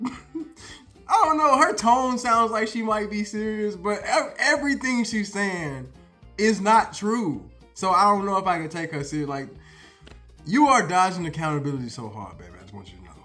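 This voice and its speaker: A man's voice: sits high, expressive, normal speed, sharp tone, faint music behind. A man in his thirties giving a profane, heated reaction commentary, swearing and laughing between points. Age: 30s. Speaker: commentary host.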